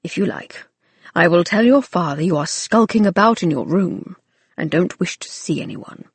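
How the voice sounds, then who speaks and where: A woman voicing a gruff older male family servant who is stern but fond, speaking in a clipped, dry way. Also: fairly low pitch, lively intonation, normal speed, dry recording. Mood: firm.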